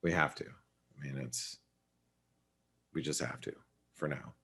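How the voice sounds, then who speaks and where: A man hosting a live trading webinar, talking casually through currency levels and often thinking aloud with quick restarts and asides. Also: rumbling low, fairly even intonation, gravelly, a bit bright, husky. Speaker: forex market analyst.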